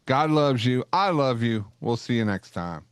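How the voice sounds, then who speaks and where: A man's voice: medium pitch, lively intonation, a little slow, clean tone, no room sound, clean studio sound. A man hosting a casual interview show, joking and rambling with lots of fillers and restarts. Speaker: podcast host.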